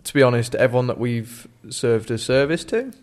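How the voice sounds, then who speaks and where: A man's voice: mid-range voice, animated, moderate pace, darkish tone. A young man in his twenties, a business owner speaking candidly in a studio interview with frequent ums. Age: 20s.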